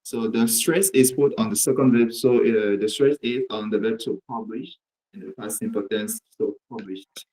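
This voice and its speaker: A man's voice: fairly low pitch, steady tone, moderate pace, dark tone, poor audio. Male student presenting homework carefully. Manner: careful, methodical explanation. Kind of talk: presenting class exercise.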